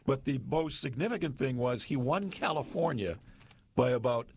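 Husky man explaining local history. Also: mid-range voice, animated, moderate pace, darkish tone. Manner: explains history, quizzes his partner. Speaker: radio co-host. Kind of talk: casual radio chat reading old newspapers.

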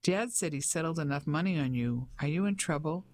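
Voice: mid-range voice, expressive, brisk, darkish tone, natural voice. An audiobook narrator voicing a young English soldier home on leave, earnest and critical toward his mother. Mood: puzzled. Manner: critical, puzzled.

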